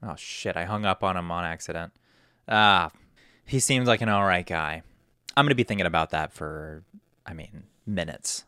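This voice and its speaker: A man's voice: deep voice, normal speed, bright, forceful tone, clear, resonant tone, no echo, studio quality. A young man hosting a podcast, rambling through a story and acting out quotes in a raised voice. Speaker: podcast host. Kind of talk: casual storytelling.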